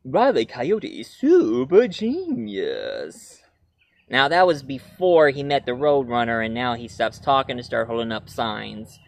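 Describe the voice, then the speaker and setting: A man's voice: mid-range voice, steady tone, moderate pace, few pauses, no room sound. A man reviewing classic cartoons in a rambling, casual way with many fillers. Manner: rambling, frequent fillers, breaks into cartoon voices.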